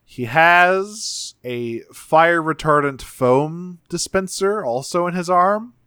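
A man's voice: a little high, animated, bright, forceful tone, clean tone, dry recording, clean studio sound. A man co-hosting a podcast, casually recapping a cartoon episode in a rambling, profane way and acting out characters' lines. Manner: rambling, profane, retells scenes with quick voices. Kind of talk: casual chat.

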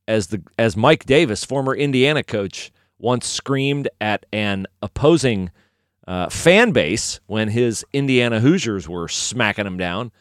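Opinionated low-voiced Midwestern sports podcaster. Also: male voice, clean tone, no room sound, studio quality. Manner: opinionated, chatty, rambling with self-corrections. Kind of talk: casual sports talk with a host-read ad.

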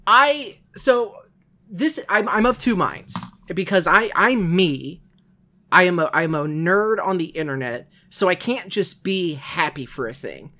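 A man's voice: high-pitched, animated, unhurried, sharp tone. A man co-hosting a casual podcast, rambling in a self-deprecating, nitpicky way. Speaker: podcast co-host.

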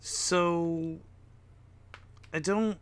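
A man's voice: fairly high pitch, fairly even intonation, very slow. A man co-hosting a casual wrestling chat, laid-back and agreeable. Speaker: podcast co-host.

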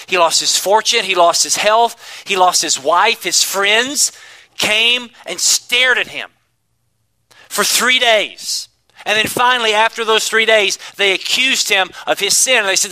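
A man preaching a sermon to his congregation, emphatic, swinging between loud declarations and hushed asides. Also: sits high, unhurried, poor audio. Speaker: pastor.

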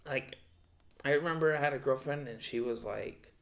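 A man talks loosely in a casual chat. His voice is gravelly, with a rough fry on it. He vents with plenty of swearing and acts out what he said to himself. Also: medium pitch, normal speed. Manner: profane, animated venting with quoted self-talk. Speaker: podcast co-host, football fan.

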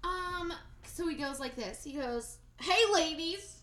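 Bright high-voiced young woman. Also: unhurried, slight background noise. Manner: giggly, profane storytelling. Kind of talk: casual chat.

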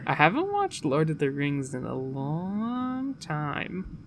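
A podcast co-host in casual chat, excitable and exclamatory, with some swearing. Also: medium pitch, slow pace, background noise.

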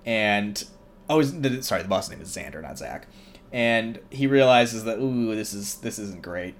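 A man's voice: lowish voice, animated, moderate pace. A man hosting, retelling a film in a casual, rambling way with many fillers. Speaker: host. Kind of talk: casual movie recap.

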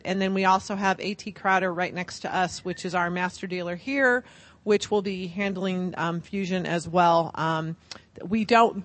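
A woman's voice: medium pitch, a bit bright, no room sound. A middle-aged woman giving an upbeat, chatty product presentation at a conference as a vendor.

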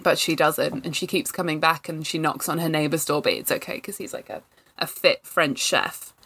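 A woman's voice: low voice, fairly even intonation, moderate pace, fairly bright tone, husky. A young woman co-hosting a podcast, joking and laughing in casual chat with friends. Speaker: podcast co-host.

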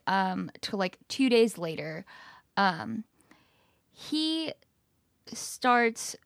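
A young woman casually recounting a personal story, acting out the quoted dialogue with lively energy. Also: medium pitch, no echo, studio quality. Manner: animated, acts out quoted dialogue.

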